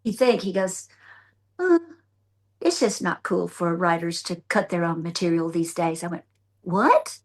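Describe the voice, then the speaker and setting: A woman's voice: on the low side, a little slow. An older woman from the United States, a country songwriter and guest, telling a long story in a casual interview, jumping into other people's voices as she goes. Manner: animated, acts out others' voices in her anecdotes. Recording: remote.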